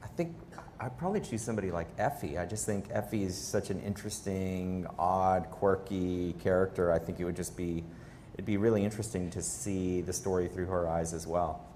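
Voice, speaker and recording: A man's voice: low-pitched, brisk, dark tone. A man, a film director, answering audience questions thoughtfully with many "um" and "uh" fillers. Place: auditorium with live audience. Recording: long hall reverb, faint noise.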